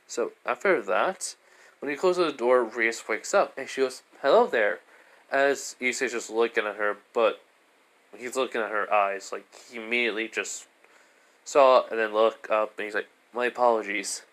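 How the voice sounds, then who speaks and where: A man's voice: mid-range voice, moderate pace, a bit bright. A man casually improvising a fan story, rambling with lots of fillers and restarts.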